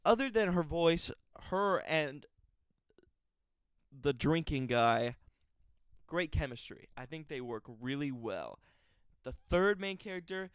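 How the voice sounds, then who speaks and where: A man's voice: on the high side, smooth, no echo, studio quality. A man giving a casual, chatty film review, laughing and adding exaggerated asides. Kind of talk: casual movie review vlog.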